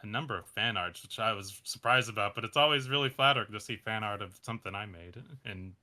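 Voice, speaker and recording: A man with a sharp, bright voice answers interview questions in a loose, casual way. He hesitates often, fills gaps with "um" and "uh," and laughs softly between thoughts. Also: on the low side, quick pace. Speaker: animation creator, interview guest.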